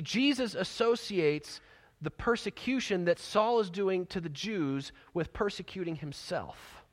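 High-voiced man preaching in a big hall. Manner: animated storytelling, dropping to soft near-whispers for emphasis. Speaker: pastor. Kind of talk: sermon. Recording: long hall reverb.

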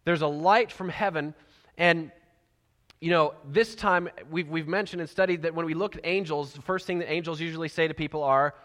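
A man preaching a sermon with a high voice, moving between lively storytelling and hushed, near-whispered lines. Long hall reverb trails each phrase. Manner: animated storytelling, dropping to soft near-whispers for emphasis. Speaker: pastor.

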